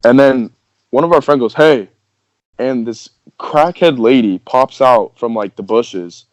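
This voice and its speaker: A man's voice: mid-range voice, a little slow, a little mellow, no room sound. Rambling young man telling a story. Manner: rambling, filler-heavy, laughing through the story. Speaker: podcast host. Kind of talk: casual storytelling. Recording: dull, dry podcast audio.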